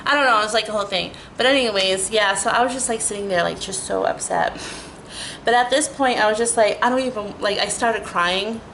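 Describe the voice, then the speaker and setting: A middle-aged woman telling a rambling, animated story in a casual vlog, full of "like" and restarts. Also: mid-range voice, fairly quick, a little hiss or hum, poor audio. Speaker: storytelling vlogger.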